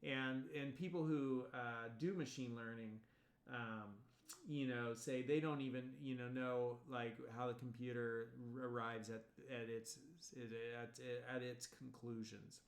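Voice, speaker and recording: A man's voice: medium pitch, steady tone, a little slow. A male college instructor giving a recorded video lecture in a loose, rambling way, full of fillers and restarts. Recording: echoey room.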